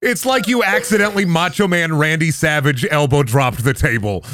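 Man, game master, playful narration, fairly high voice. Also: moderate pace, a bit bright, no room sound, clean studio sound, soft background music.

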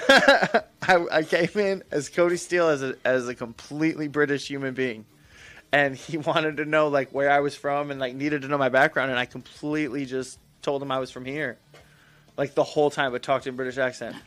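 A man's voice: mid-range voice, steady tone, moderate pace, a bit bright. A young man chatting casually as a show regular, telling stories in a laid-back, giggly, profane way. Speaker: tattoo artist, cast member. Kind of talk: casual chat.

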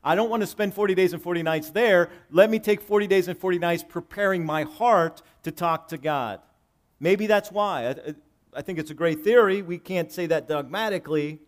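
A male pastor preaching a sermon, swinging between loud emphatic lines and hushed low ones, reading scripture and explaining it conversationally. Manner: reads scripture aloud and paraphrases it conversationally.

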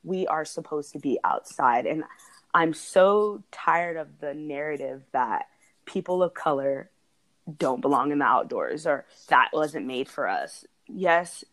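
A woman's voice: low-pitched, animated, a little slow, a bit bright. A woman co-hosting a podcast, talking in a casual, earnest and heartfelt way, often laughing as she speaks. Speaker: podcast co-host.

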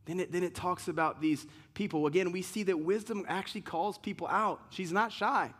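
A male pastor delivering a sermon with a slightly high voice. He presses his points through rhetorical questions, then drops into relaxed, chatty asides. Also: brisk.

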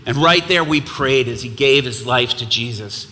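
A man's voice: medium pitch, moderate pace. A man preaching as a guest speaker in a church, telling stories and building to impassioned calls to action. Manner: impassioned, builds to loud exhortation. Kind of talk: sermon with storytelling. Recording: long hall reverb, faint noise.

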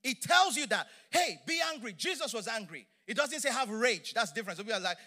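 Middle-aged male preacher, high and bright tone, emphatic, lively sermon delivery. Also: quick pace, few pauses. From Nigeria. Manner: animated, emphatic, playful asides.

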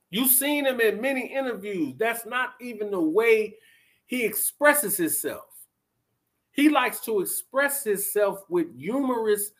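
A man commentating casually on a live stream, blunt and animated, talking straight to his viewers and chat. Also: very high-pitched. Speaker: vlogger reacting to live chat.

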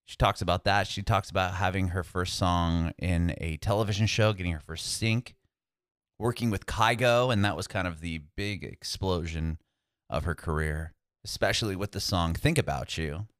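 A man's voice: low-pitched, normal speed, a bit bright, no room sound, clean studio sound. A man hosting a podcast over a video call, upbeat and laid-back, calling things awesome and rad. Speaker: podcast host.

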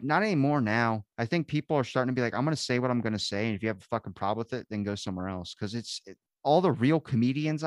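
A man's voice: mid-range voice, no echo, studio quality. A man hosting a podcast, telling rambling stories in casual chat, swearing a lot and acting out quotes. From grew up in a beach town. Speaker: podcast host.

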